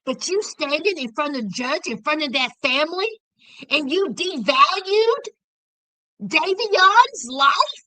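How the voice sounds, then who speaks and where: A woman hosting a casual commentary show, talking in an animated, emphatic way with sudden outraged outbursts. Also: high voice, takes it slowly, no echo, rough recording.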